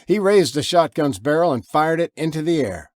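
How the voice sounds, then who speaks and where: Man, horror audiobook narrator, animated delivery, dry close-mic sound. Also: normal speed, no echo. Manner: lively, expressive reading, with low growled voices for the father. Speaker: author and narrator.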